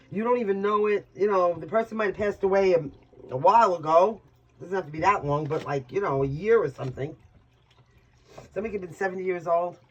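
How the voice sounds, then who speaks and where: Emotional rambling high-voiced man reading tarot. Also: a little hiss or hum, poor audio. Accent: New York. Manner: emotional, rambling, swears casually. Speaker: tarot reader. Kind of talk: casual tarot reading monologue.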